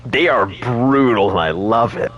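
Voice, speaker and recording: A man's voice: medium pitch, measured pace, fairly bright tone, dull audio, slight background noise. A man streaming a game, chatting casually and rambling, laughing often. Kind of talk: casual gaming chat.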